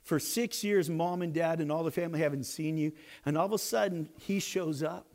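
A man preaching a sermon as a story, animated and swinging between hushed and loud. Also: fairly high pitch, fairly quick.

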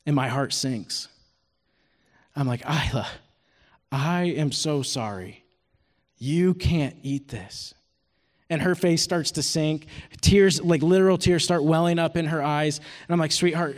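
Man, 30s, preaching. High, earnest, storytelling voice with long hall reverb. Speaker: retreat speaker teaching scripture. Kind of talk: sermon.

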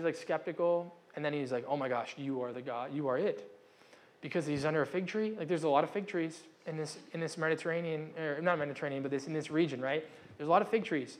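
Young guy preaching loose and chatty, slightly high voice, keeps acting out the quotes. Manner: conversational, self-interrupting, acts out quotes. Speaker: pastor. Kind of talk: casual sermon.

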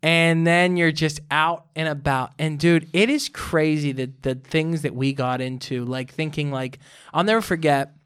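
A man's voice: fairly high pitch, unhurried, clean tone. A young man telling a rambling college story in casual chat, full of "like" and acted-out dialogue. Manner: rambling, animated storyteller with lots of "like".

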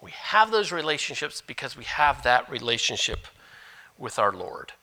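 Male pastor, sermon, lively pitch, bright ringing voice, loud stresses and quiet asides. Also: moderate pace. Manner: animated preaching, switching between loud emphasis and hushed asides.

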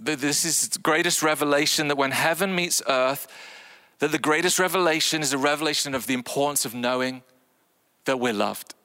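A man preaches a sermon in a lively, animated way, slipping into acted voices with wide pitch swings. His voice is bright and forceful, and it rings with the long reverb of a large hall. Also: fairly quick.

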